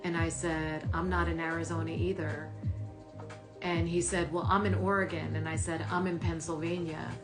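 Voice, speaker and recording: Woman, lowish voice, frank and profane, personal storytelling, music bed underneath. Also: flat delivery, normal speed. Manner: candid, profane, laughs while telling.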